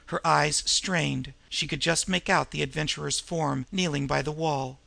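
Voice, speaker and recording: A man narrating a crime novel as an audiobook, in a steady, measured reading. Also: on the high side, vocal fry, no room sound.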